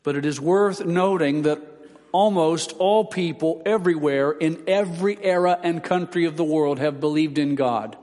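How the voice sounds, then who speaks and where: A man's voice: a little high, a little mellow, in a large hall. A man preaching a sermon, reading out quotes in a solemn, dramatic way.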